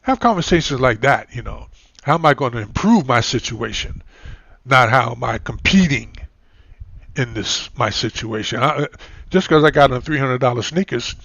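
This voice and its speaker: A man hosting a talk show over an online call, chatty and full of "you know"s, his voice a little hoarse. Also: mid-range voice, expressive, moderate pace, fairly bright tone, no room sound, dull audio. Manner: chatty, many filler "you know"s and restarts. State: losing his voice, clearing throat. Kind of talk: casual talk show conversation.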